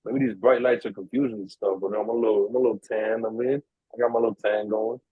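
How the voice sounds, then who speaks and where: Young New man, husky, tinny dry line, animated podcast storyteller. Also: lowish voice, fast talker, dry recording. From New York. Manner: animated storyteller, acts out quoted voices, swears freely. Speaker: podcast co-host. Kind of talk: casual storytelling chat. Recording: tinny, dry, narrow-band sound.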